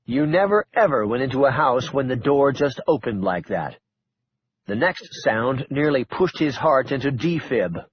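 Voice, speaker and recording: A man's voice: mid-range voice, very animated, moderate pace, muffled recording, a little hiss or hum. A man narrating an audiobook thriller in a wry, dramatic storytelling manner. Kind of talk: scripted narration.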